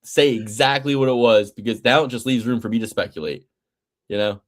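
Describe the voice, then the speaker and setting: A man with a faint Delaware County, Pennsylvania accent, talking fight picks in a loose, profane, animated way. His voice sits at an ordinary middle pitch, and he keeps breaking into mocking impressions of fighters. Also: brisk. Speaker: podcast co-host. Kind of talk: casual picks chat.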